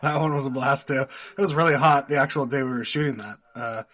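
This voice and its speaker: This young Canadian man, an actor on a podcast, tells meandering stories packed with fillers and laughter in a casual interview. His mid-range voice is brisk and a bit bright.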